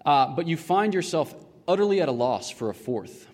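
A man's voice: a little high, sing-song, moderate pace, a little mellow, long reverb tail. A man giving a classroom lecture in a rhetorical, questioning manner, often checking in with his listeners.

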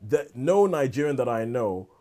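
A man's voice: mid-range voice, lively intonation, moderate pace, mellow. A man in casual podcast chat, rambling on with lots of restarts and asides. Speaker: podcast co-host.

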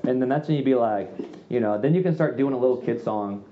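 A man preaching a sermon to a youth gathering in a church room, casual and slangy with quick asides. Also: medium pitch, highs cut off, a little hiss or hum. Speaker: youth pastor.

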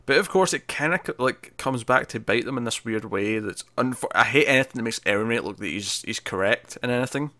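A man's voice: medium pitch, animated, brisk, hardly any pauses, sharp tone, no echo. A man co-hosting a podcast, casually and animatedly retelling a TV episode and acting out what the characters say. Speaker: podcast co-host.

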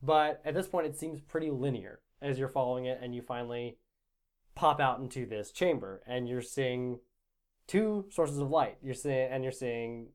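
A man's voice: mid-range voice, moderate pace. Laid-back man running a tabletop game. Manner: laid-back, self-described monotone, many "like"s. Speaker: game master.

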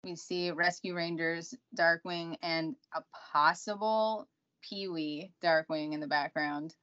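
A woman's voice: fairly low pitch, fairly even intonation, slow pace, fairly bright tone, muffled recording. A woman co-hosting a podcast in a casual chat, laid-back with brief replies. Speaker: podcast co-host.

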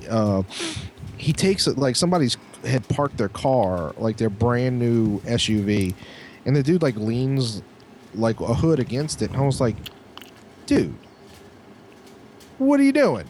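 A man co-hosting a podcast in casual chat, telling a story with lots of filler words and pitch jumping up when he quotes someone. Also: expressive, unhurried, a little mellow, a little hiss or hum. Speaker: podcast co-host.

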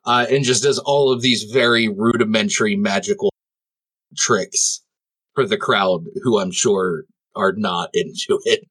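A man's voice: on the low side, a little slow, a bit bright, breathy edge. A man playing a tabletop game, describing scenes in a rambling way with lots of fillers. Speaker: player.

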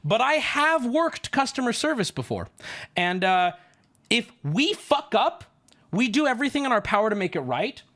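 A man's voice: extremely high pitch, big pitch swings, moderate pace, sharp tone. A man streaming, telling a story to his chat in an indignant, profane rant. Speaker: livestreamer.

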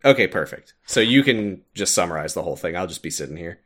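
A man with a fairly low voice that jumps around a lot in pitch, talking through a game's story in casual podcast chat. He laughs often and leans on little "uh"s as he explains. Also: fast talker. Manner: animated, laughs often, recaps with filler "uh".

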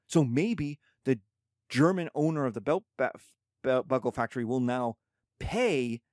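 A man explaining history in a lively, conversational lecture with quick spoken asides. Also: mid-range voice, no echo, studio quality.

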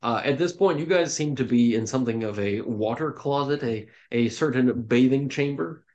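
A man running a tabletop game as dungeon master, narrating in a loose, relaxed way full of ums and restarts. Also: medium pitch, moderate pace, lo-fi sound. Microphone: home microphone on an online call.

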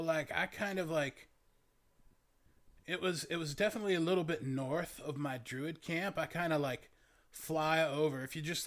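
A dreamy stoner druid, young and male, rambling along in a slightly high, easygoing drawl, as a man plays him in a tabletop game. He loses his thread constantly, padding everything with "like" and "man". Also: fairly bright tone. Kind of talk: tabletop role-play character voice.

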